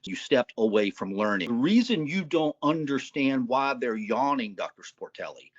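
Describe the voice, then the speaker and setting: A man's voice: mid-range voice, sing-song, moderate pace, dull audio. A man hosting a podcast, an emergency doctor, lecturing in a combative, mocking, emphatic way. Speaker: podcast host, emergency physician.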